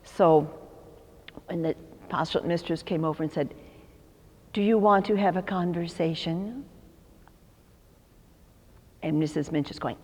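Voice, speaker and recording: A woman in her sixties from Chicago tells her stories with a low, deep voice. She slips into the voices of the people she quotes and laughs often. The recording carries a long, hall-like reverb. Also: a little slow, long pauses, a little mellow. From Chicago, USA. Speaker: religious sister interviewed for oral history. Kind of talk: storytelling in an interview.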